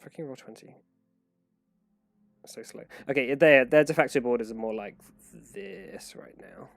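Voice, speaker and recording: Guy game-mastering a tabletop session, mid-pitched, rambling with lots of restarts, faint music somewhere behind. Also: animated, measured pace, creaky. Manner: rambling, many fillers and restarts.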